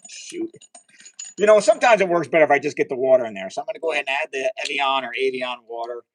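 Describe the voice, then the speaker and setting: Excitable man hosting a live science demo. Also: mid-range voice, quick pace, low-quality recording. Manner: chatty and excitable, talks to viewers, cheers at results. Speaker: livestream host doing chemistry experiments.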